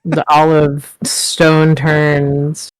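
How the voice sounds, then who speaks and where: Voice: mid-range voice, completely flat delivery, very slow, clear, resonant tone, no echo. A player in a tabletop game session, joking while describing their character's actions.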